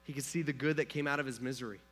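A man's voice: medium pitch, racing, a bit bright, faint music behind. A man preaching a sermon in a casual, storytelling way, full of fillers and acted-out quotes. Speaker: pastor.

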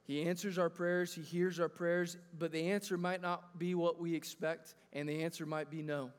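A man in his thirties with a high voice delivers a sermon to his congregation. He talks earnestly and conversationally and often restarts his phrases. His voice rings with the long reverb of a large church hall. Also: level tone, moderate pace. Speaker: pastor. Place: church sanctuary.

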